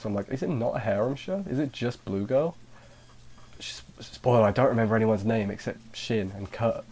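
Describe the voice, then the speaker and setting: A man with a somewhat low voice talks through an anime review in a loose, rambling way. He often breaks off mid-sentence and restarts, and he slips in dry, sarcastic asides. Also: dark tone, husky. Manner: rambling, sarcastic, self-interrupting. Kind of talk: casual spoken review.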